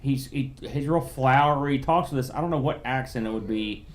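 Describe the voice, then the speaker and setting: A man's voice: medium pitch, fairly quick. A man in casual podcast chat with a middle-range voice, rambling through long explanations. He circles back and restarts his sentences as he goes. He sounds easygoing. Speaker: podcast co-host.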